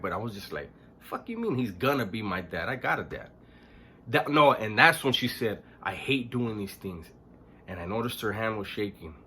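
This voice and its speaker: A man recounting a painful memory in a casual, halting way, restarting sentences, clearing his throat and swearing bluntly. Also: fairly low pitch, bright, forceful tone, a little hiss or hum. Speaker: storyteller recounting his past. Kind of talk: casual spoken storytelling.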